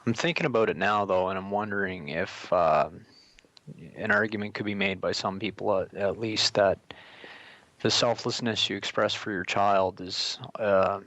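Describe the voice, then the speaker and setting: A man hosting a radio interview, asking measured, thoughtful questions. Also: on the low side, a bit bright, no echo, lo-fi sound. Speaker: radio show host.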